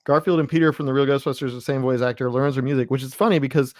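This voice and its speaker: A man co-hosting a live chat, reeling off trivia and arguing in mock outrage in an even, mid-range voice. The audio is close and dry. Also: mid-range voice, very fast, no room sound. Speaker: co-host.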